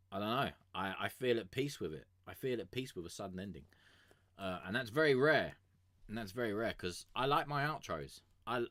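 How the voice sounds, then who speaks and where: A man chats through his music reviews in a fairly low voice. He rambles, swears freely and often trails off mid-thought. The sound is dry and close, with no room echo. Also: a bit bright. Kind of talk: casual live-stream commentary.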